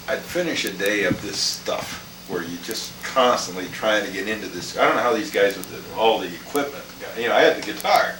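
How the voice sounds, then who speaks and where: Older man telling rambling family stories. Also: on the low side. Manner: chuckling, rambling anecdotes. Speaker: storyteller. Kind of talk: casual family storytelling. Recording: echoey room, mic far off, clear background noise.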